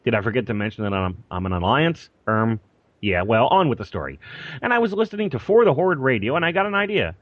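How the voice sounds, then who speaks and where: A man's voice: medium pitch, sing-song, fast, no room sound. A man co-hosting a casual gaming podcast, reading a listener email aloud with chuckles and apologies. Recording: dull lo-fi dry podcast mic.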